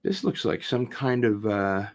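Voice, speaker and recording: A man hosting a casual unboxing video, chatting in a relaxed, rambling way and getting excited about vinyl records. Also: fairly low pitch, unhurried. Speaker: host.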